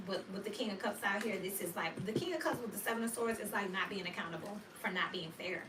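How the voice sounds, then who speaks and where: A woman's voice: medium pitch, fast talker, background noise. A woman giving a casual tarot reading in a blunt, slangy way, cursing freely and telling stories with a lot of animation. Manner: animated storyteller. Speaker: tarot reader. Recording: roomy echo, distant mic.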